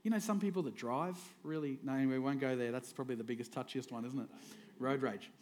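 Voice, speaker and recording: A man's voice: medium pitch, quick pace, darkish tone, slight background noise. A middle-aged man, preaching a humorous sermon in a jokey, conversational way that often breaks into chuckles. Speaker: pastor.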